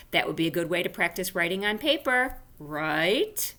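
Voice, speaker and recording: A woman teaching an online class for young children from home, animated and sing-song, speaking slowly and carefully. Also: lowish voice. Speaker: elementary school teacher. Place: home room.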